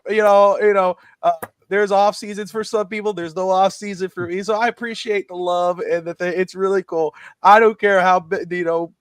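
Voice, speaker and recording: A high-pitched, excitable middle-aged man hosting a live sports talk show. He rambles eagerly and laughs often. His voice sounds close and dry. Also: moderate pace, clear, resonant tone, no echo.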